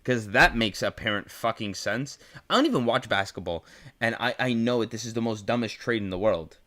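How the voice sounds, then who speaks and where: A man's voice: mid-range voice, expressive, fairly quick, bright, forceful tone. A young man with a New York accent ranting as host, incredulous and profane, repeating himself as he builds up. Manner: incredulous, swearing, repetitive rant.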